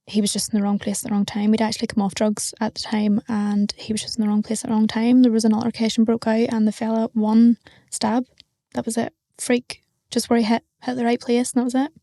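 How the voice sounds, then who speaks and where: A woman's voice: a little high, flat delivery, fairly quick, mellow, dry recording, studio quality. A young woman with a Northern Irish accent, talking bluntly and frankly as an interview guest. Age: young adult. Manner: blunt, matter-of-fact, frank. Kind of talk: candid interview talk.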